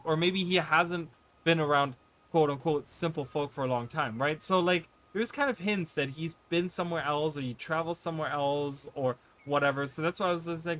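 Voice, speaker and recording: A man's voice: fairly high pitch, normal speed, a bit bright. Chatty man streaming a game. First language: not English. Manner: rambling, many fillers and restarts. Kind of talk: casual gameplay commentary.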